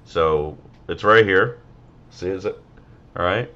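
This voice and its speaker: A man's voice: low-pitched, slow pace, bright, forceful tone, muffled recording. A man co-hosting a podcast, telling rambling, profane, joking stories in casual banter. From Missouri. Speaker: podcast co-host.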